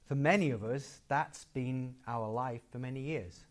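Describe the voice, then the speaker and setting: A male preacher delivering a sermon in a voice of ordinary pitch for a man. He leans on key words, repeats phrases for weight and moves from loud declaration down to quiet, low lines. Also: measured pace. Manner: emphatic, with repeated phrases and big swings in loudness.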